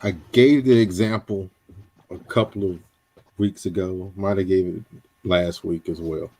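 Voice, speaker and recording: A man co-hosting a call-in talk show, making his points deliberately and repeating them for emphasis. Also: low voice, fairly even intonation, darkish tone. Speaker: co-host.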